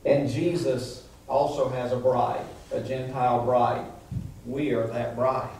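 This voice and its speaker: A male pastor preaching an animated sermon to a congregation, asking "amen?" as he goes. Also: mid-range voice, slow pace, slight background noise. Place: church sanctuary. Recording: echoey church hall, mic from far off.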